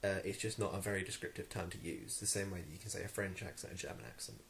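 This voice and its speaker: A man's voice: sits low, steady tone, quick pace, fairly bright tone, a little hiss or hum. A young man with an English accent, ranting to camera in a vlog, irritated and rambling with many ums and restarts. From England. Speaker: vlogger.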